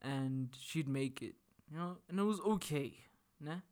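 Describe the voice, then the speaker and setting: Laid-back slangy man, slightly high voice. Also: a little slow, darkish tone. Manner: laid-back slangy banter, laughs while retelling stories. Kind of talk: casual chat.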